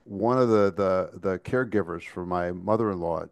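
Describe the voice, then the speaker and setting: Man, low voice, podcast co-host, casual rambling talk, lots of restarts, dry close sound. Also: normal speed, no echo. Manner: chatty, many restarts and stammers. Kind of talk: casual chat.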